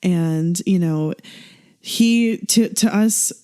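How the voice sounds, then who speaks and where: A woman's voice: on the low side, very slow, dark tone. A woman co-hosting a casual fan podcast, candid and swearing freely as she talks. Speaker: podcast co-host.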